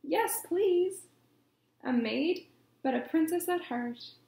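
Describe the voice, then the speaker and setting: A woman's voice: extremely high pitch, lively intonation, takes it slowly, gravelly, mellow, voice pushed up, heavily acted. A woman doing an eager young prince. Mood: excited. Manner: earnest, eager. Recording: echoey room.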